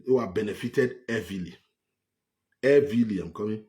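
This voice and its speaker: Brief: low-voiced Nigerian-accented man, scornful and emphatic political commentary. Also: normal speed, dark tone. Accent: Nigerian English. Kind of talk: heated political monologue.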